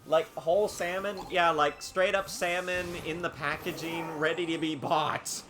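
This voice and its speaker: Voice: mid-range voice, fairly even intonation, unhurried, music in the background. A streamer who chats casually while playing a game, rambling through stories and laughing often.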